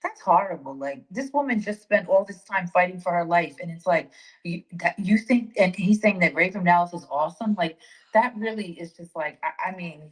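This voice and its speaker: A woman's voice: on the low side, moderate pace, low-quality recording. A woman talking in a casual group audio chat, rambling and restarting her sentences. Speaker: guest speaker in an audio chat room.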